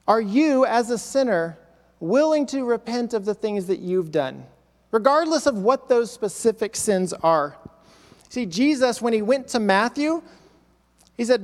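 A man's voice: very high voice, sing-song, unhurried. Male pastor, sermon, emphatic repetition, acts out quotes, long hall reverb. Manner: preaching with dramatic quoted voices and emphatic repetition.

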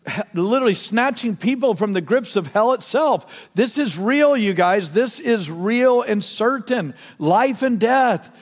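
Middle-aged male pastor, earnest storyteller, slightly higher voice, long hall reverb, soft-to-loud swings. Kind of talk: sermon.

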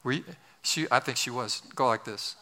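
A man's voice: medium pitch, normal speed, in a large hall, background noise. An older male pastor telling a story in a sermon, with humorous, self-deprecating asides.

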